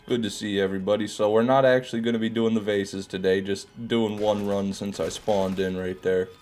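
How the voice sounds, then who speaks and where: A man's voice: fairly low pitch, little pitch movement, brisk, darkish tone, soft background music. A man with a groggy morning voice hosting a live gaming stream. He chats casually, reads out viewer messages and swears when things go wrong.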